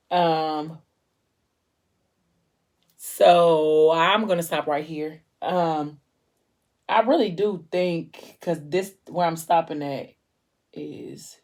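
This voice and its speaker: A woman's voice: deep voice, very slow, pauses often, darkish tone. A young woman casually recapping a novel's plot in a chatty, meandering way with lots of fillers. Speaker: vlogger discussing a book.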